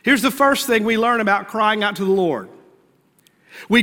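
A man preaches with a high, ringing voice that lifts on key points and sinks to quiet prayer. His sermon carries a long reverb from a church sanctuary, and his tone is bright and forward. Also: lively intonation, slow pace. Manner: earnest preaching, swinging between raised emphasis and hushed prayerful lines. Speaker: pastor.

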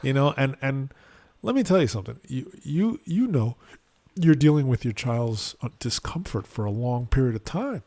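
A man on a podcast casually retelling a family mishap, acting out the people he quotes with sharp jumps in pitch. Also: normal speed. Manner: animated retelling, acts out quotes with sudden rises in pitch. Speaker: podcast co-host. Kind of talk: casual storytelling chat.

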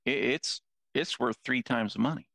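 A man's voice: mid-range voice, moderate pace, creaky, sharp tone, no room sound. An older man in casual conversation, a self-deprecating storyteller who jokes his way through anecdotes.

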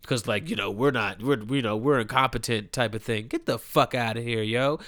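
A man's voice: mid-range voice, animated, normal speed, hardly any pauses, fairly bright tone, no room sound, clean studio sound. A young adult man giving a profane, ranting commentary, heated and mocking, with emphatic repeated phrases. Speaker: commentary host.

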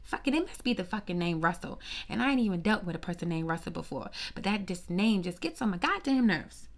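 A woman's voice: fairly low pitch, fairly quick. Profane, sassy woman ranting about gossip. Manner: profane, animated, sassy, rhetorical. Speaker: commentator. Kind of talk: casual celebrity gossip rant.

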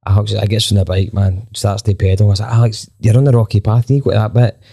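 A man, a band member telling a story in a casual chat, animated and full of restarts. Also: on the low side, fast, gravelly, breathy edge.

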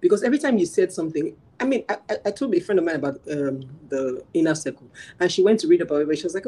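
A woman guest sharing her parenting experience in casual chat, telling animated stories, acting out dialogue and laughing often. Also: lowish voice, rapid-fire, hardly any pauses, husky, poor audio.

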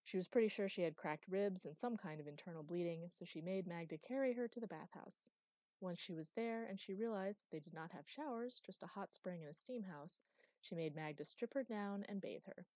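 Low-voiced woman narrating an audiobook. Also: fairly quick, warm tone, no room sound. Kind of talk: scripted narration.

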